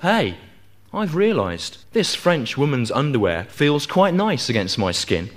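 A man delivering a deadpan comic monologue, his voice sitting at a middle pitch. He rambles through the story with plenty of fillers. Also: a little slow. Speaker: comedian, host of a sketch show. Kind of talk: comic monologue and sketch acting.

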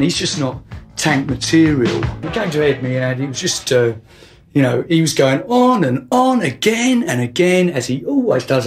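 A young man delivering a rambling, hesitant comic monologue full of restarts. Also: fairly high pitch. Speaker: comedy monologue performer.

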